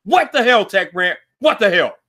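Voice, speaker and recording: A young man hosts a ranting tech show, his voice very high and cutting. He talks loud and exasperated, often breaking into shouts and swearing. Every complaint comes out sharp and bright. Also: big pitch swings, moderate pace. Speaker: show host.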